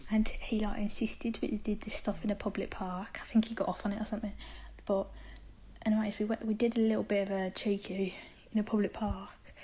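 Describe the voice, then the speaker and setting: A woman calling in to a podcast in a put-on Brummie accent that slips into generic British, telling her problem in a rushed, half-whispered way. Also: medium pitch, mellow, slightly rough, rough recording. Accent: put-on Brummie slipping into generic British. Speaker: caller. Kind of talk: voice message to a podcast.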